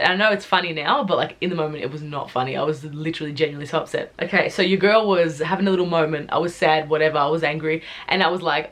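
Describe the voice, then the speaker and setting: A young woman from Australia in a casual storytime vlog, retelling events in a chatty, animated way full of filler words. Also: sits low, rapid-fire, few pauses. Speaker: YouTuber telling a story.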